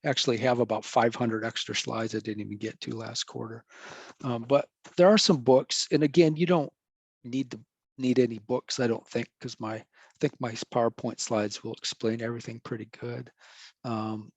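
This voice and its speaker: A man's voice: medium pitch, fairly even intonation, moderate pace, husky, no room sound. A middle-aged man, a professor, giving a casual, rambling recorded lecture and correcting himself as he goes.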